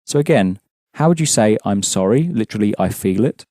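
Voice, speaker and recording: Low-ish guy teaching a language class, patient, lots of ups and downs in his voice, mellow tone. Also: animated, fairly quick, dry recording. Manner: patient, explaining and prompting with questions. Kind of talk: language lesson.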